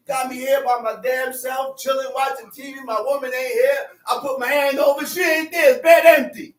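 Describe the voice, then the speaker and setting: High-pitched guy preaching a bible class, loud and animated, sounds far from the mic. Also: normal speed. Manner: animated, often shouting, laughs. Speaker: Bible teacher. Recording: roomy sound from a distant mic.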